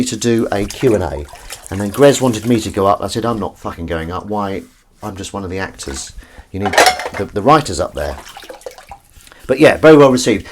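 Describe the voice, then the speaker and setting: An actor with a lowish voice chats casually on a live stream while washing dishes at the kitchen sink, reading chat aloud and swearing now and then. The tap runs and dishes clatter, with slight background noise.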